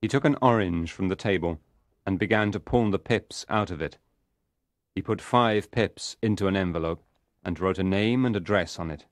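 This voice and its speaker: A man narrating an audiobook in a calm, measured storytelling voice. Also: deep voice, dry recording, studio quality.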